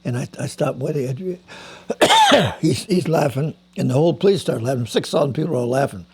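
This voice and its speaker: A husky, gravelly voice belongs to a man in his nineties, an old musician telling stories in a halting, rambling way. He repeats words as he goes and coughs now and then. His voice sits a little high for a man. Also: wildly swooping pitch. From Canada. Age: 90s. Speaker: veteran musician interviewee. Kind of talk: rambling anecdotal storytelling.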